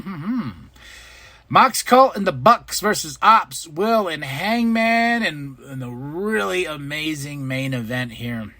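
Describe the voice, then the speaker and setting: A man's voice: a little high, bright, forceful tone, dry recording. A man hosting a podcast, casually recapping wrestling shows, laughing often and acting out quotes. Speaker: podcast host.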